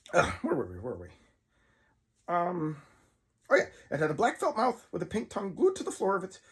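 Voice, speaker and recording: A man's voice: high-pitched, slightly rough, full character voice. A man voicing a nervous male monster puppet who reads a horror story aloud and breaks off to comment on how scared he is. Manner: jumpy, self-conscious asides about being scared. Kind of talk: reading a story aloud with asides.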